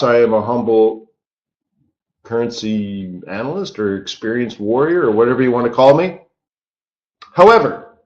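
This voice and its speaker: A man hosting a live trading stream, chatty and rambling, tired, rattling off quick disclaimers. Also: medium pitch, roomy sound, dull audio. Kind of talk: casual live-stream teaching talk.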